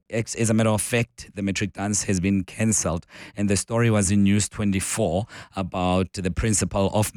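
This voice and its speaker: A man with a South African accent hosting a morning radio talk show, his voice croaky and hoarse, chatting and thinking aloud. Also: fairly low pitch, dry recording, clean studio sound. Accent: South African English. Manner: chatty, warm greetings, thinking aloud with fillers. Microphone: studio microphone, close and dry.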